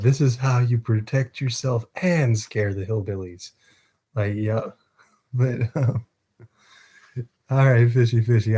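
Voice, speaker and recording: A man's voice: lowish voice, dark tone. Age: adult. Style: chatty man streaming a book reading. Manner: laughs often, chatty, stumbles over words. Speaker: livestream host reading a novel aloud. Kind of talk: casual live-stream chat and book reading.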